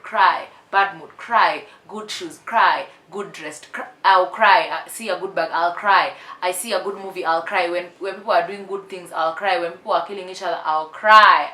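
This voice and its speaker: A woman's voice: fairly low pitch, sharp tone, slight background noise. A woman in her twenties talking candidly and emphatically in a casual confessional vlog, repeating herself for effect. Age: 20s. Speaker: vlogger. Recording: roomy echo.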